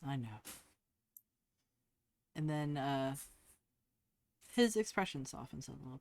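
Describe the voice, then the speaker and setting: A man narrates his character's actions during a tabletop game session. He speaks slowly and in a measured way, with small hesitations along the way. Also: medium pitch, animated, vocal fry, dry recording. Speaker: player.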